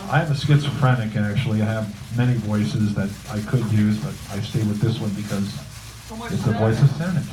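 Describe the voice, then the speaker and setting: A man's voice: fairly low pitch, fairly quick. A man hosting an open mic night at a cafe, introducing the next act in a joking, teasing way. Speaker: host. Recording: echoey room, mic far off, background noise.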